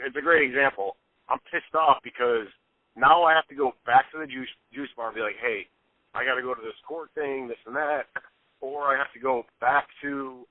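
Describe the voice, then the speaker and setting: A man's voice: mid-range voice, no room sound. A man in a casual phone chat, rambling through a frustrated story and swearing often. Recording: dry tinny phone line.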